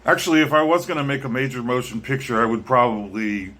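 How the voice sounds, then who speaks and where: A man chats casually to his viewers, drifting from thought to thought. He hesitates often, filling gaps with ums and restarting his sentences. His pitch sits at an ordinary middle for a man. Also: quick pace, fairly bright tone. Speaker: vlogger and musician. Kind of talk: casual talk to camera.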